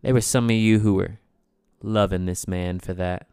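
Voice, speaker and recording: A man talks through his solo podcast in a loose, rambling way, leaning on "you know" and jumping from loud outbursts to hushed asides. His voice is smooth and resonant, and it sits dry and close with no room around it. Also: low-pitched, steady tone, moderate pace, no echo. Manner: loose, rambling, frequent "you know what I'm saying"; swings between loud bursts and quiet asides. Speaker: podcast host. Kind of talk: casual solo podcast chat.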